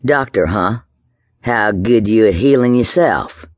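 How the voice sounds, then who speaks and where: A man's voice: fairly low pitch, expressive, unhurried, dry recording. A man voicing a vicious drunken brute who speaks in a coarse, snarling, threatening way. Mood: menacing.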